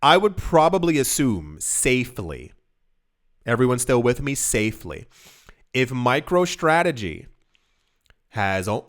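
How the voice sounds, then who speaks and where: This crypto host delivers casual commentary directly to camera at a fast clip, his voice in the mid range. He talks emphatically, repeats and trips over words, and performs quoted voices.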